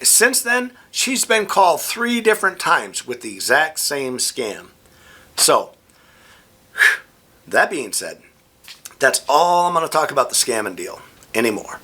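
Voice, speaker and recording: A middle-aged man telling rambling, animated stories in a casual vlog. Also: fairly high pitch, unhurried, pauses often. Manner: rambling, animated anecdotes with frequent restarts. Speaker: vlogger. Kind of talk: casual storytelling.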